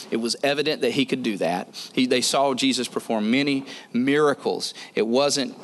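Male preacher, middle pitch, relaxed sermon delivery with repeated phrases, faint background noise. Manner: conversational, repeats phrases for emphasis.

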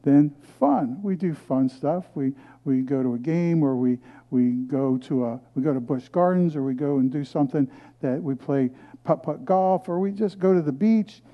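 Middle-aged preacher man, slightly high voice, story-driven sermon, lo-fi sound. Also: moderate pace. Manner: storytelling preacher, swings from loud scripture reading to hushed asides. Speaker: pastor.

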